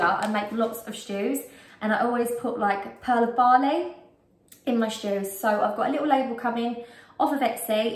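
A woman's voice: on the high side, slight background noise. A British woman vlogging a casual shopping haul at home, chatty and rambling with frequent ums, a bit out of breath. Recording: roomy echo, distant mic.

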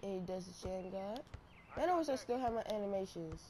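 A woman giving excitable, slangy, trash-talking commentary over her own basketball gameplay on a headset mic. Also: mid-range voice, a little fast. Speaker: gaming channel host. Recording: noisy game audio behind.

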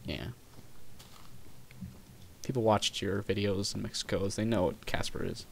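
Low gravelly guy, joking co-player, faint hiss behind. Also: measured pace. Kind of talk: casual gaming chat.

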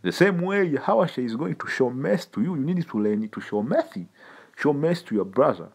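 Husky, animated male street preacher. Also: mid-range voice, brisk. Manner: emphatic, repetitive, streetwise, addresses listeners as man. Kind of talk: informal sermon teaching.

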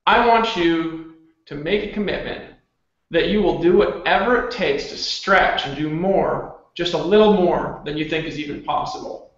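A man with a fairly high voice hosts an online team meeting and drives a hard motivational pitch. He hammers on commitment in short, repeated bursts. The sound is very echoey and dull, like a cheap webcam mic in a bare room. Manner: pushy, repetitive, rapid-fire exhortations. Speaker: team leader hosting an online hangout. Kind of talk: motivational pitch on a video call.

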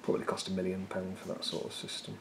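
A low-voiced man trades jokes while painting miniatures, rambling and poking fun at himself. A faint hiss sits behind his voice. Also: monotone, fast talker, gravelly. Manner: joking, rambling, self-deprecating. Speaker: miniature painting channel host. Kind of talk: casual banter while painting.

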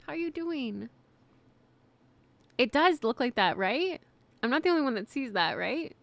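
Excitable high-voiced woman streamer. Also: normal speed, creaky, no room sound. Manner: excitable, giggly, screams and swears when startled. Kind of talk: live gameplay stream chatting with viewers.

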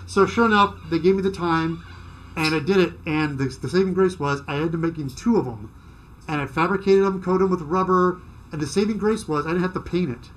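A middle-aged man telling work stories in a casual chat, animated and acting out other people's lines. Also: sits high. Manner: animated, acts out dialogue in quick bursts. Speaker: guest.

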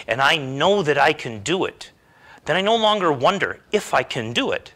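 A man's voice: a little high, sing-song, normal speed, pushed and bright. A middle-aged man giving a motivational self-help talk, emphatic and full of rhetorical questions.

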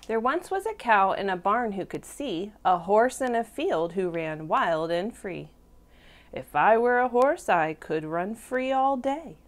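A woman teacher reading a picture book to toddlers, slow and expressive, stopping to ask the children questions. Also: medium pitch. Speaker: preschool teacher. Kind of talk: storybook read-aloud for toddlers.

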